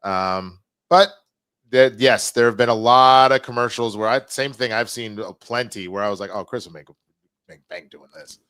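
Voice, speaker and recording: A man hosts a live stream in a relaxed, chatty way, his sentences trailing off and starting over. His voice is smooth and resonant. The sound is dry and close. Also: medium pitch, moderate pace, dry recording. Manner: loose, chatty, trails off and restarts. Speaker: show host. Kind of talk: casual live-stream chat.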